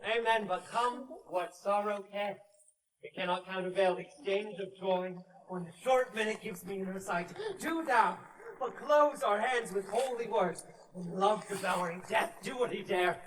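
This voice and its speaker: A man's voice: sits high, normal speed, fairly bright tone, slight background noise. An actor playing an ardent young man in love, speaking earnestly in outdoor Shakespeare stage acting. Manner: earnest and declamatory. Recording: distant, reverberant live recording.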